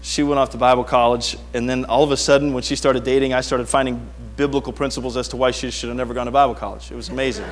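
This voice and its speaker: A middle-aged man preaching a sermon, telling stories with animated swings from quiet asides to near-shouting. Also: medium pitch, fast, few pauses, a little hiss or hum. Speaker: pastor.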